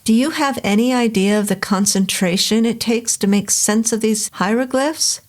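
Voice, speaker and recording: A woman's voice: on the high side, moderate pace, pitched above the performer's own voice, natural voice. A woman voicing an irritable, pompous middle-aged male professor with a New England accent, talking down in a lecturing way. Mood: irritated, lofty. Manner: lecturing, condescending.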